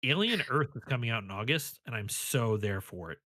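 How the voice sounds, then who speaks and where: Bright lively male podcast co-host. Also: mid-range voice, brisk, dry recording. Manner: enthusiastic, jokey. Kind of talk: casual chat.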